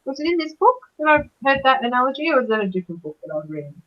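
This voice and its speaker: A woman's voice: high voice, very animated, very fast, soft background music. A woman co-hosting a casual book discussion, rambling and searching for her words. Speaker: book club co-host. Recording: dull, lo-fi mic.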